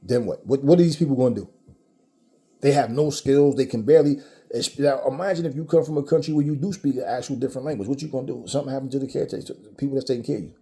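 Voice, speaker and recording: Caribbean-born man, mid-pitched, mellow and dark tone, emphatic profane ranting vlog commentary. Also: racing. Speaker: vlogger.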